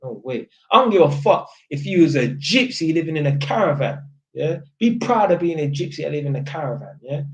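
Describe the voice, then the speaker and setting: Poor audio captures a North London livestream host with a London, Multicultural London English accent delivering a casual monologue. His voice is on the high side, very animated and brisk with hardly any pauses, as he bluntly swears and closes lines with tag questions.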